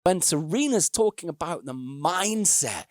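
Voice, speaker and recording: A man, a musician, talks through his reaction to an ad in reflective commentary and slips into animated storytelling with voiced characters. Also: fairly high pitch, a little slow, no echo, clean studio sound.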